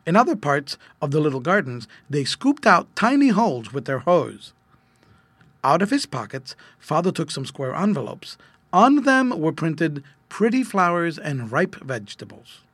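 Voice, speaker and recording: A man reading an old-fashioned children's story aloud, gentle and expressive. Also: a little high, normal speed, no room sound. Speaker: narrator.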